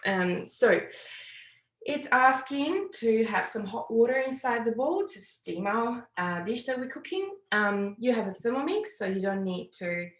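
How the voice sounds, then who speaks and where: A woman's voice: a little high, sing-song, unhurried. A woman with an Italian accent giving a live cooking class, explaining each step in a chatty, slightly apologetic way from her kitchen. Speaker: cooking demonstrator. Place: home kitchen. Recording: roomy echoey kitchen.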